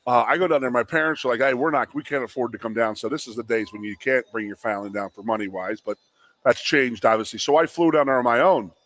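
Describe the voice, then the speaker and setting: A man in his forties co-hosts a sports talk show and tells an old recruiting story in casual chat. He is an animated storyteller who acts out quotes in raised voices, at a pitch in an ordinary middle range. The booth sounds dry and close, with no room behind him. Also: fast talker, no echo. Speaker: radio show co-host, former college lineman. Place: studio at a restaurant.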